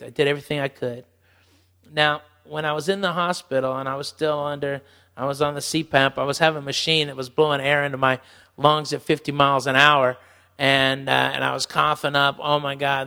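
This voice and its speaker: Male podcast host, gravelly and slightly high, rambling storyteller, long reverb on the track. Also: pushed and bright. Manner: rambling, halting, swearing. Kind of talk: storytelling, casual talk.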